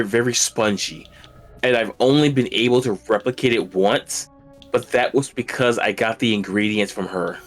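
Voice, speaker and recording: Low-voiced man chatting loosely. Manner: loose, chatty, with restarts and short backchannels. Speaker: stream co-host. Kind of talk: casual chat.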